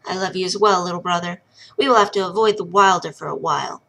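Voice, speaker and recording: A stubborn young girl who stands up to adults and fiercely protects her little brother, as a woman reading aloud voices her. She sounds emotional and defiant, with a bright tone. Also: lowish voice, fast, gravelly. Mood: tender.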